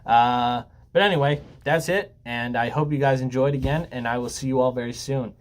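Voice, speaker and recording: A young man in a relaxed, unedited talk to camera, drifting between jokes and apologies. His pitch sits in an ordinary middle range. He fills the gaps with ums and lets the odd swear word slip. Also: normal speed. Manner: rambling and joking with frequent ums and swearing. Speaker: YouTuber. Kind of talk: casual laid-back talk to camera.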